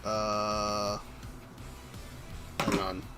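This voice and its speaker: A man's voice: fairly low pitch, completely flat delivery, drawn-out words, soft background music. A young man chatting casually on a game development stream, teasing and joking with his co-host.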